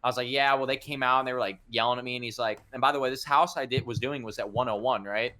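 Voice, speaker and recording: A young man telling a story in a casual podcast chat, animated and swearing a lot as he acts out the people in it. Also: medium pitch, quick pace.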